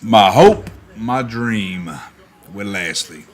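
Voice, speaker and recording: A man streaming and chatting casually, animated, with quick asides and laughs. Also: fairly low pitch. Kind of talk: casual chat while opening cards.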